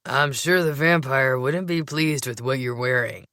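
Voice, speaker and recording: A woman voicing a laid-back, teasing young man who speaks in a slow drawl, in a dry, close recording. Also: rumbling low, a bit bright, no room sound, exaggerated voice.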